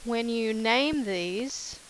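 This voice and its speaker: A woman's voice: fairly high pitch, very slow, slight background noise, rough recording. A woman teacher talking through chemistry notes in a casual way, repeating key terms with many fillers. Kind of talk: recorded lecture over notes.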